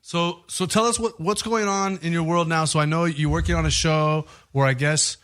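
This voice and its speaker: A man's voice: fairly high pitch, fairly even intonation, a bit bright. A man co-hosting a podcast, asking a guest questions in a loose, joking chat. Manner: laid-back, quick to laugh and joke. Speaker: podcast co-host. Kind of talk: casual interview chat. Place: podcast studio.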